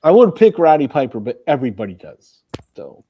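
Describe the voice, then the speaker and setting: A man's voice: on the high side, very animated, fairly quick, muffled recording. A man co-hosting a live comics stream, chatting casually with a playful, teasing, jokey manner. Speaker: podcast co-host. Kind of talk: casual chat.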